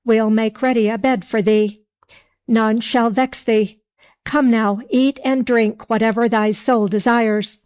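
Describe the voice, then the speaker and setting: A woman voicing sly flattering tavern folk. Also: on the high side. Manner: slow, archaic storytelling speech. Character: sly, flattering male tavern keeper and guests.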